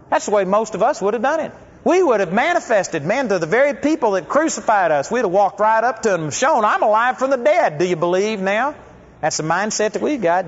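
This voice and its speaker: A man preaching a sermon in a conversational storytelling way, often putting direct questions to the congregation. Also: high voice. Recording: echoey hall, dull lo-fi sound.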